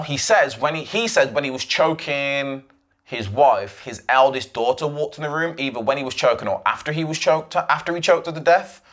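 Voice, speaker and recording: A man's voice: medium pitch, a bit bright. Man rambling through a solo podcast. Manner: rambling, emphatic retelling with restarts and asides. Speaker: podcast host.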